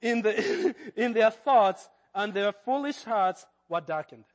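A man's voice: high voice, animated, slow, big-room sound. A man with a Kenyan accent preaching a sermon as pastor, with hesitant fillers that build to fervent emphasis.

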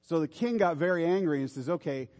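A man's voice: fairly high pitch, lively intonation, quick pace, a little mellow, in a large hall. A man preaching a sermon in an informal, exhorting way, urging his listeners on. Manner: informal, exhorting, repeats "come on".

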